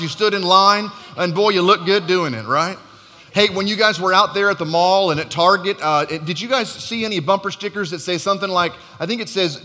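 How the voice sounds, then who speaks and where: A man preaching a sermon in a large church, energetic and joking, calling out to the congregation. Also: sits high. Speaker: pastor. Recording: long reverb of a church hall.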